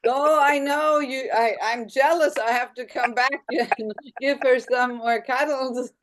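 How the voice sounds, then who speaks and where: Woman on a video call, kinda high voice, chatty with lots of ums. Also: steady tone, measured pace. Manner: chatty, hesitant fillers, gentle. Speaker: guest. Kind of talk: casual video call chat.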